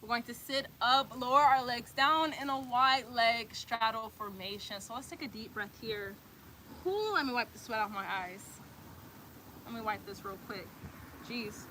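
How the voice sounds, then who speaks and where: A woman's voice: on the high side, normal speed, pushed and bright, slight background noise. A woman guiding a yoga class, cueing breaths and poses while doing them herself, a little out of breath, encouraging and casual. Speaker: yoga instructor.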